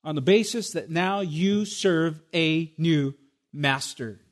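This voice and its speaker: A man's voice: a little high, lively intonation, slow. A man pastor preaching a sermon with emphatic rhetorical questions, addressing his congregation as "my beloved.". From Spanish heritage.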